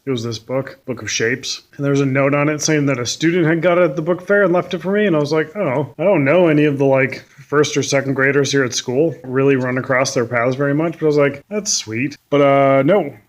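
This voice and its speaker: A man's voice: mid-range voice, fairly quick, hardly any pauses. A young male teacher telling funny stories from school in a casual way, with dry, self-mocking humor. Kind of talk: casual storytelling to camera.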